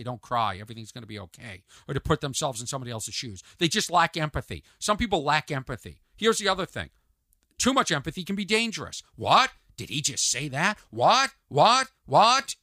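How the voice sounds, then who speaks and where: A man's voice: fairly high pitch, pushed and bright, no echo, clean studio sound. A man hosting a comedic solo podcast, ranting animatedly and mimicking others in asides. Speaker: podcast host. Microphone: podcast mic on video.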